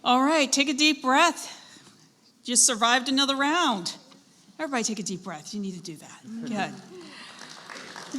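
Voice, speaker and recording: Spelling bee pronouncer, woman; measured and encouraging, bright tone, reverberant hall. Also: sits high, lively intonation, a faint crowd, a little hiss or hum. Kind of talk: pronouncing and defining words for contestants. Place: school event hall. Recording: echoey hall with long reverb.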